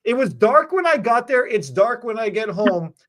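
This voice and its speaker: Lively, animated woman telling work stories. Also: fairly high pitch, moderate pace. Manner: animated, acts out clients in put-on voices, laughs often. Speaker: hairstylist. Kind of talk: casual storytelling chat.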